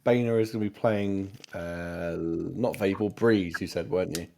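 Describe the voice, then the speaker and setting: A man's voice: low voice, fairly even intonation, measured pace, vocal fry, darkish tone, a little hiss or hum. A man narrating a tabletop game as game master, hesitant with many fillers.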